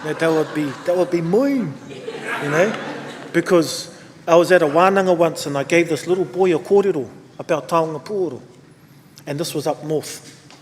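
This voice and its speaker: A man with a New Zealand accent giving a relaxed, rambling speech at a conference, with many fillers. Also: fairly high pitch, normal speed, big-room sound, background noise. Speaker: conference speaker. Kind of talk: speech to an audience. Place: conference hall.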